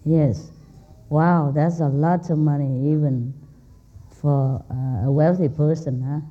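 Speaking to a seated audience in an indoor hall, a woman gives a casual spiritual talk, joking, laughing often and chatting with the people nearby. Her voice is low and mellow, with a steady tone and a slow pace. The recording is lo-fi and dull.

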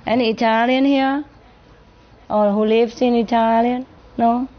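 Slow, playful woman before a crowd. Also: a little high, fairly even intonation. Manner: playful, laughs often, mimics accents. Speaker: spiritual teacher answering an audience. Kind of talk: informal gathering talk with audience. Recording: muffled recording with audience and noise.

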